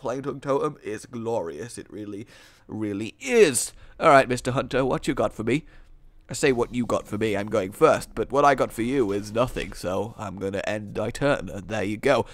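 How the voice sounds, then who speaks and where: A man's voice: medium pitch, no room sound. A man giving joking, rambling commentary over a card game he's playing, with sarcastic asides. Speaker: gaming video host. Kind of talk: let's-play commentary.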